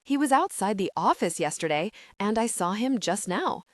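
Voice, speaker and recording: A woman voicing a calm adult husband in an audiobook, speaking in a measured, low-key way. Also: no echo, clean studio sound, close to an everyday voice. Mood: uneasy. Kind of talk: audiobook character reading.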